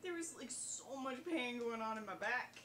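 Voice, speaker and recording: A woman's voice: on the high side, animated, normal speed, a bit bright, echoey room, a little hiss or hum. A woman joining a game stream, chatting and laughing casually as she rambles through a story. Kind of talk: casual chat.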